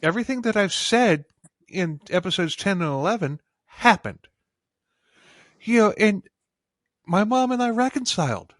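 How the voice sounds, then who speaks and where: A man's voice: high voice, lively intonation, normal speed, long pauses, a bit bright, no echo. A man hosting a true-crime podcast interview, talking with passion and many restarts and fillers. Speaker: podcast host. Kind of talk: casual interview chat.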